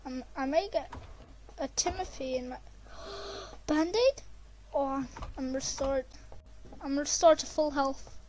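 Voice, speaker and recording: A woman commentating her gameplay, excitable and prone to screaming when chased. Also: sits high, takes it slowly, pauses often, slight background noise. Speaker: gamer.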